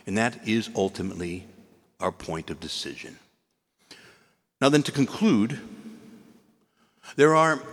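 A priest giving an animated, storytelling sermon in a church, acting out the figures he describes. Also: lowish voice. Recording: long church reverb.

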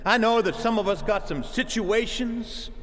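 A man preaching a sermon to his congregation, animated and calling out to the church for an amen. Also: high-pitched, a little slow, long reverb tail.

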